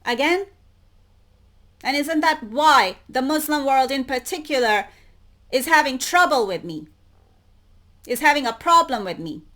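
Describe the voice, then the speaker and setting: A woman's voice: sits high, expressive, a little slow, long pauses, bright, forceful tone. A woman hosting her own channel, reading web articles aloud and commenting on them, repeating words she wants to stress. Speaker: YouTube channel host.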